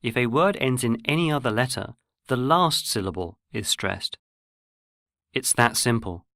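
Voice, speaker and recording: A man giving scripted, measured narration for a pronunciation lesson. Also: medium pitch, animated, bright, forceful tone, no room sound, clean studio sound. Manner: measured, explanatory. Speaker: language course narrator.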